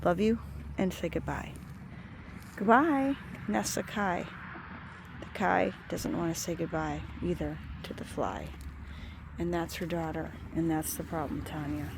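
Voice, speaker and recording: A woman's voice: sits low, steady tone, moderate pace, creaky, background noise. A woman talking in a rambling, sing-song way to a cow outdoors, recorded on a phone camera. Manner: sing-song baby talk to a cow, drifting into soft musings. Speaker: animal lover talking to a cow. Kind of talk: rambling talk to an animal.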